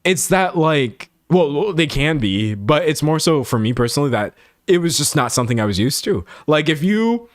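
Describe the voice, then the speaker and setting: A man's voice: on the high side, sing-song, normal speed, no echo, studio quality. A young man from Texas chatting casually as a streamer, reading out viewer comments and acting them out with mock-dramatic voices. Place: home room with a set backdrop.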